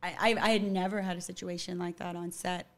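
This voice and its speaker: A woman's voice: lowish voice, level tone, quick pace. A young adult woman, an actor guest on a podcast, telling a story in casual chat and filling her talk with "like". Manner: chatty, fills talk with "like".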